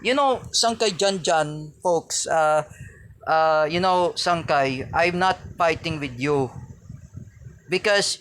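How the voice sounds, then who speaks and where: A man's voice: on the high side, a bit bright, a little hiss or hum. A man with a Filipino accent, a vlogger ranting angrily and repetitively at a rival, stressed and insulting. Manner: angry, repetitive, insulting rant with frequent pauses. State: stressed and angry. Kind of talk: angry ranting vlog.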